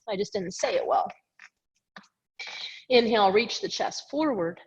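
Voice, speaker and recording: A woman's voice: on the high side, sing-song, unhurried, gravelly, darkish tone. A woman teaching a yoga class over a video call, talking in a chatty, self-correcting way and a little out of breath as she does the moves with the class. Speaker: yoga instructor. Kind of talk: guided yoga class cues. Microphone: video call mic.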